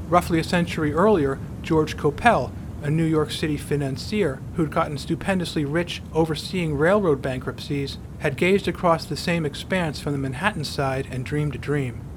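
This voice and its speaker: A man's voice: a little high, noisy background. Wry man narrating a podcast story. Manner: wry, dryly humorous. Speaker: podcast host.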